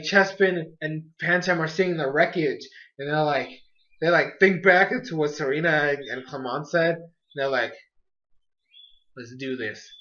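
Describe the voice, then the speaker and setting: Excitable young man, high voice, lo-fi. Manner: excitable, rambling, lots of fillers and quick impressions of characters. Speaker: anime episode reviewer. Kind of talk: casual recap talk.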